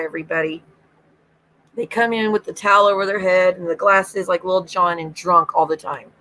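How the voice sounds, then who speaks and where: A livestream host chats casually and tells gossip, acting out what others said, swearing freely and often breaking into giggles. Her medium-pitched voice is fairly bright and at normal speed, captured in a low-quality recording.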